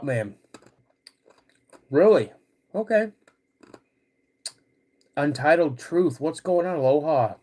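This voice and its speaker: A man in his fifties hosting a live podcast stream, greeting chat viewers by name in a halting way while getting over a cold. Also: fairly high pitch, big pitch swings, a little mellow. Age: 50s. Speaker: podcast host.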